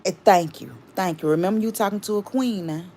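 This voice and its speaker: A woman's voice: mid-range voice, brisk, darkish tone. A woman hosting a casual livestream, rambling chattily and stopping to greet and thank viewers. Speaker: livestream host.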